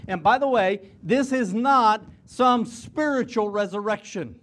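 A man's voice: high voice, a little slow, few pauses, a bit bright. A man, middle-aged or older, preaching an earnest chapel sermon to students, often repeating a word as he starts a phrase. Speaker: college president preaching in chapel. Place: chapel service before students.

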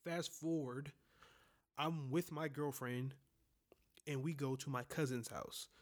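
Young male podcast host, candid storytelling monologue, frequent cursing, middle pitch. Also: fairly even intonation, takes it slowly. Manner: candid, profane, talks straight to listeners. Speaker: podcast host telling personal stories.

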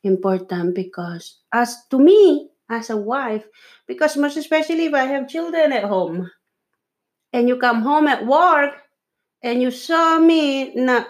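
Slow, earnest woman giving marriage advice. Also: high voice, animated. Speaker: podcast co-host. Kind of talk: casual chat with her husband.

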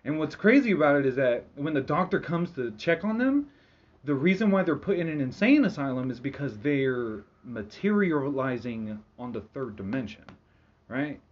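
A man's voice: mid-range voice, expressive, moderate pace, lo-fi sound. A man in casual chat, retelling a book's story in a rambling, profane way full of fillers. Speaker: podcast host.

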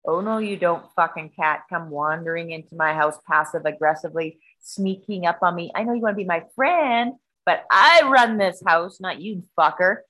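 A woman voicing her defiant male house cat as it curses off an intruding cat, in a bright voice. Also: fairly low pitch, normal speed. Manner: profane, scolding.

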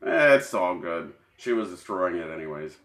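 Low-voiced man rambling in an echoey room. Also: animated, moderate pace, fairly bright tone. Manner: rambling, joking, often laughing, with restarts. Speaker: podcast co-host. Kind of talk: casual crude banter.

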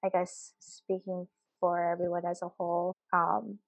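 A woman speaking as a panelist in an animated, emphatic way. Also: fairly low pitch, measured pace, gravelly, no echo, poor audio. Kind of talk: casual panel discussion.

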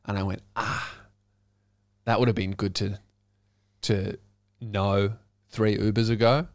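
An Australian man, a comedian hosting his podcast, telling a story in an animated, swearing style and acting out the voices of people he quotes. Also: lowish voice, slow pace, no room sound, clean studio sound. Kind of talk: comic storytelling monologue.

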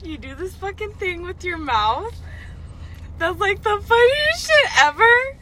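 A woman's voice: extremely high pitch, sing-song, unhurried, sharp tone, slight background noise. A young woman chatting casually over hookah, teasing her friend and swearing freely with lots of laughter. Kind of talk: casual chat while smoking hookah.

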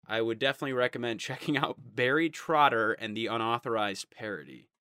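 A man's voice: fairly quick, smooth, dry recording. A man co-hosting a podcast, telling stories in a loose, casual chat and acting out the people he quotes. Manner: animated storytelling, acting out quotes in high voices. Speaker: podcast co-host.

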